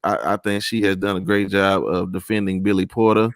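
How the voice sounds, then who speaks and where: Gravelly-voiced upbeat talk show host man. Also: low voice, steady tone, a little fast, dry recording, clean studio sound. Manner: upbeat, playful banter. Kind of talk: casual talk show hosting.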